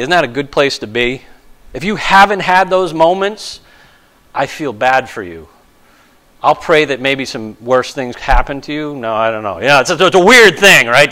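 A male pastor giving a conversational sermon, lively and self-deprecating, acting out quotes with sudden shifts of voice. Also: high-pitched, poor audio.

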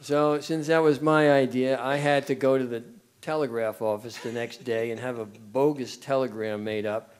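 A man's voice: medium pitch, fairly even intonation, normal speed, smooth. A former ballplayer recalling a clubhouse prank in an interview, amused and chuckling as he talks. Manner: amused, chuckles through the story. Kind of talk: storytelling interview.

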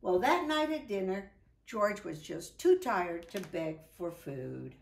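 A woman reading a children's picture book aloud, with lively, drawn-out delivery. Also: mid-range voice, gravelly, reverberant. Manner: animated, drawn-out, voices for characters. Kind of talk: children's storybook read-aloud. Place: indoors at home.

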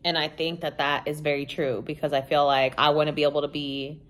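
A woman's voice: deep voice, little pitch movement, a little fast. Candid rambling young woman vlogger. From United States. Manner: rambling, heavy use of "like" and "you know"; candid, swears casually. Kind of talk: casual confessional chat to camera.

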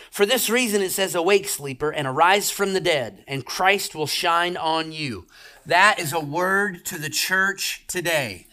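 A man's voice: high voice, moderate pace, pushed and bright. A middle-aged man preaching a sermon as pastor, talking emphatically and exhorting his listeners.

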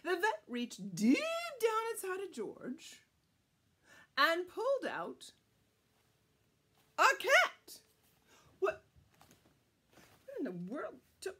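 A woman's voice: sits high, pushed and bright, slightly rough. A woman reading a picture book aloud to children, playful and exclamatory in a sing-song manner. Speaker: children's storyteller. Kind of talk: storytime read-aloud for kids.

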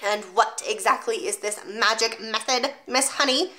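A woman's voice: a little high, moderate pace, bright, forceful tone. Woman playing a bellowing, scornful giant headmistress. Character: huge, brutal, sarcastic headmistress.

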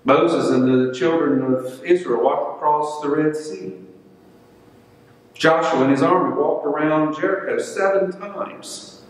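In a church sanctuary, a male pastor preaches a sermon, telling stories and acting out the voices within them. His voice is on the high side and unhurried, captured from a distance in an echoey hall.

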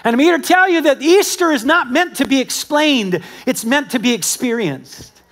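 High-voiced male pastor preaching. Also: normal speed. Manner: animated storytelling with acted-out quotes; conversational, talks directly to the congregation. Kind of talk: sermon. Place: church service with a congregation.

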